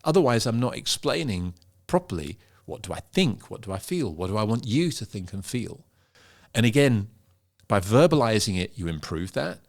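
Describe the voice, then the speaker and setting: A middle-aged man, a pitch coach, explaining in an interview and demonstrating vocal emphasis. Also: sing-song, normal speed, vocal fry. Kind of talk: interview conversation.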